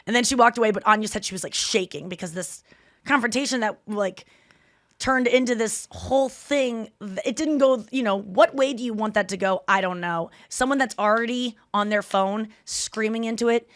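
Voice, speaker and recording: A woman hosting a podcast, telling stories in casual chat with quick asides and self-corrections. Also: fairly high pitch, fairly bright tone, no room sound, clean studio sound. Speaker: podcast host.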